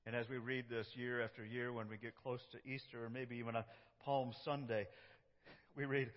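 A pastor preaching a sermon in a church, dramatic, moving from loud cries to hushed prayer. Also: male voice, mid-range voice, steady tone, moderate pace. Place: church sanctuary. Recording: dull, echoey church sound.

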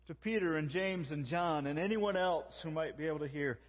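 Husky-voiced man preaching in a hall. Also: high-pitched, dull audio. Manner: earnest preaching, quoting God's words slowly and warmly. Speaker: pastor. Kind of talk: sermon.

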